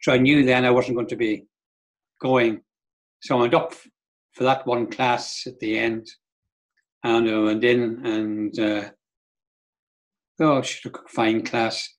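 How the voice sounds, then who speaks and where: An older Irish dance teacher from Donegal, Ireland, chats as a guest in a casual interview. His middle-pitched voice is flat and slow with long pauses as he rambles through long anecdotes. Mid-story he often slips into acting out other people's lines.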